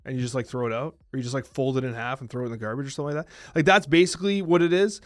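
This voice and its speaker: A man in his thirties co-hosting a podcast, telling stories in a quick, animated, talkative way. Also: mid-range voice, no echo, studio quality, soft background music. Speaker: podcast co-host. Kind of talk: casual chat.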